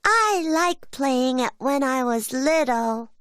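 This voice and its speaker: A woman voicing an eager, proud little boy bear cub in a high, childlike cartoon voice. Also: expressive, slow, fairly bright tone, clean tone, no room sound, studio quality, heavily acted. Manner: high, childlike and wide-eyed. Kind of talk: cartoon character voice.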